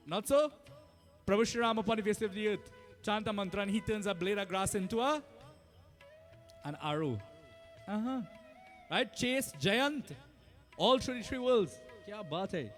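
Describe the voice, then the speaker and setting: A man's voice: high-pitched, fairly bright tone. A Trinidadian man, a Hindu pundit, giving a sermon in a temple and teaching in a chatty way, often asking "right?" and laughing. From Trinidad and Tobago. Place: temple hall.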